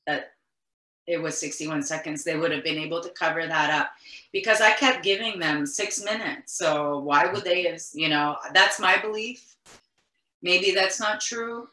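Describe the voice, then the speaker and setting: Low-voiced earnest middle-aged woman, echoey room. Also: a little slow, bright, forceful tone. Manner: earnest, insistent, circling back with restarts. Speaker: interview guest, mother of the deceased. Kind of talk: emotional recounting in conversation.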